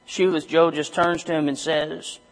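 Male preacher, higher-pitched, hesitant delivery, long church reverb. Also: level tone. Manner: halting, many restarts and fillers, rising to emphatic reading. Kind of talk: sermon.

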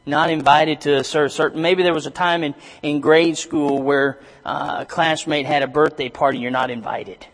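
A man preaching a sermon, halting with many restarts and fillers, then rising to emphatic reading of scripture. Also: a little high, long reverb tail.

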